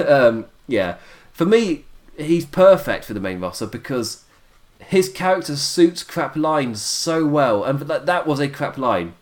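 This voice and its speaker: A man's voice: a little high, sing-song, measured pace. A tired man hosting a casual podcast, chatty and laughing often, his voice wearing out. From United Kingdom. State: tired, voice going. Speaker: podcast host reviewing wrestling. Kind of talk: casual chat.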